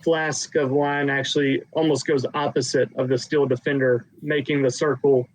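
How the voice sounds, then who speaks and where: A man's voice: medium pitch, level tone, moderate pace, rough recording. A man narrating a tabletop game as game master, rambling with many fillers.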